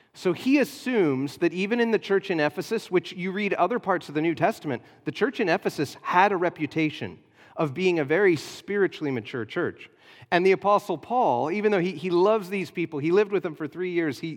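A pastor preaching a sermon, explaining a passage in an earnest teaching manner with frequent hesitations. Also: male voice, a little high, big-room sound.

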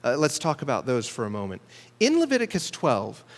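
A man's voice: medium pitch, wildly swooping pitch. Man preaching in a reverberant hall. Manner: measured teaching, slows to stress key words. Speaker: pastor. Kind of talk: sermon.

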